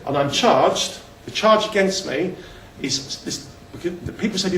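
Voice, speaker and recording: A man's voice: sits high, expressive, measured pace, fairly bright tone, a little hiss or hum. Chatty man in an echoey hall. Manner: chatty, self-deprecating, with frequent restarts and chuckles. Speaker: speaker giving a talk. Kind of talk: casual talk with slides. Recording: echoey room, mic at a distance.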